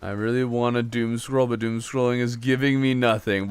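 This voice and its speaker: A man's voice: medium pitch, steady tone, moderate pace, clear, resonant tone, dry recording, faint music behind. A young man live-streaming a game, chatting casually and joking as he replies to his chat.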